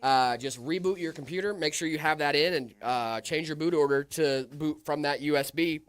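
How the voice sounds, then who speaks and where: A man's voice: fairly high pitch, normal speed, smooth. A man hosting a casual tech livestream, joking around and answering viewer questions.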